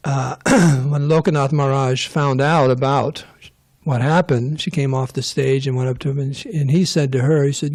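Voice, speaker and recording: A man's voice: mid-range voice, little pitch movement, moderate pace, a little mellow. A man giving a casual scripture class, rambling and joking with digressions. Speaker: temple class speaker.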